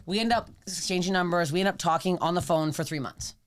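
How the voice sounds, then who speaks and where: Woman in her 30s, podcast guest; brisk, salty, animated comic anecdotes. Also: fairly low pitch. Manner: rapid, profane, animated storytelling. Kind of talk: casual chat, comic storytelling.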